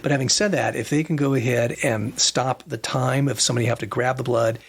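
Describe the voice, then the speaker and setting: A man's voice: medium pitch, fairly even intonation, brisk, vocal fry, husky. A middle-aged man, a surgeon hosting a podcast, telling stories in a rambling casual way with many fillers and restarts. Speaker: plastic surgeon and podcast host. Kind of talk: casual storytelling chat.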